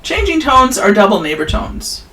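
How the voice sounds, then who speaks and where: A woman's voice: medium pitch, big pitch swings, moderate pace, low-quality recording. A woman giving a casual, recorded music theory lecture, chatting through examples with offhand, self-deprecating asides.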